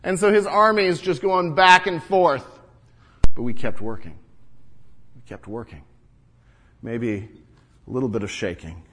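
A man's voice: on the high side, moderate pace, a bit bright. A man playing an earnest, indignant wall-builder and father from ancient Jerusalem, telling his story in the first person and tripping over repeated words. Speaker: first-person biblical character monologue.

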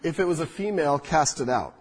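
A man preaching a sermon as pastor, animated and full of restarts. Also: a little high, quick pace, breathy edge, low-quality recording. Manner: animated, restarts often, drops soft when speaking to children. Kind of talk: sermon with children up front. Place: church sanctuary.

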